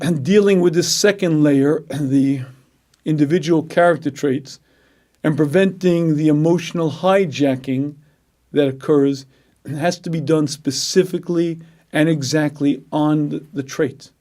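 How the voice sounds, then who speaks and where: A middle-aged man teaching a class as a rabbi, emphatic, often clearing his throat and acting out inner voices. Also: high voice, darkish tone. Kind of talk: lecture.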